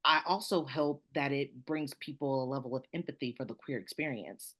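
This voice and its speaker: Southern American woman, low-pitched, lively storyteller, interview guest. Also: moderate pace. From Southern United States. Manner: animated, laughing, storytelling. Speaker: author being interviewed. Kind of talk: conversational interview.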